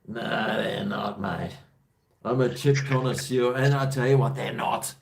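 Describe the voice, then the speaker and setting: A man's voice: mid-range voice, measured pace, vocal fry, a little hiss or hum. An Australian man from Brisbane hosting a casual call-in show, with jokey, blokey banter. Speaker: host of a call-in livestream.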